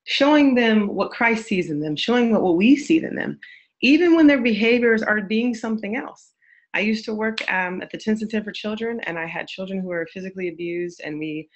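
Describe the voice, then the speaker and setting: Woman, therapist, webinar teaching talk, earnest and affirming, lo-fi sound. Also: mid-range voice. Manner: earnest, affirming, repetitive phrasing. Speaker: therapist and church speaker. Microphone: webinar microphone.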